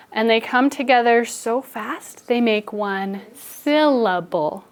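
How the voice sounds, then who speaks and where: A young woman teaching an elementary phonics lesson in a classroom, telling stories and coaxing the students along in a lively, playful way. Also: mid-range voice. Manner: animated storytelling, playful and expressive with students.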